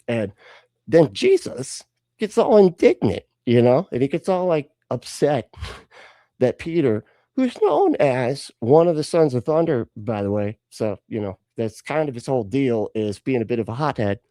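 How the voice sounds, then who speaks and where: A tipsy man telling a comic story. He rambles and interrupts himself, and his pitch swings widely. His tone is dark and the sound is dry and close. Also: dry recording. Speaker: podcast co-host.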